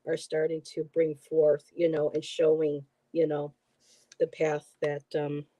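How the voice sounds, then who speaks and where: A middle-aged host from the Buffalo area with a mellow, darker tone. Talks in a rambling, emotional way full of fillers, recorded close and dry with no room sound. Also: mid-range voice, monotone, unhurried, dry recording, highs cut off. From Buffalo, New York area. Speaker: host, tarot reader. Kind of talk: casual chat.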